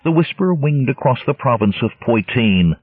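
A man narrating an adventure novel in a dramatic, expressive storytelling manner. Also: mid-range voice, moderate pace, husky. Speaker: audiobook narrator. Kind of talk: scripted narration. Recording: tinny lo-fi narrowband audio, dry.

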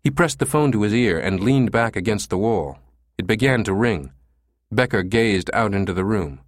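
A man reading an audiobook thriller in steady, measured scripted narration. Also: fairly low pitch, dry recording, studio quality.

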